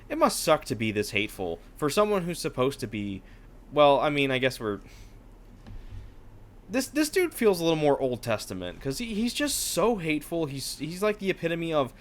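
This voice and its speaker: A man co-hosting a casual book discussion, his voice sitting at an ordinary middle pitch. He riffs irreverently on the characters and drops into quick mocking impressions. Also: very animated, a bit bright. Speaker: podcast co-host.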